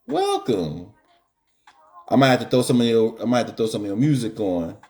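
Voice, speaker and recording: A man's voice: mid-range voice, huge pitch swings, moderate pace, dark tone, faint music behind. A middle-aged man hosting a live stream, joking in slangy casual chat.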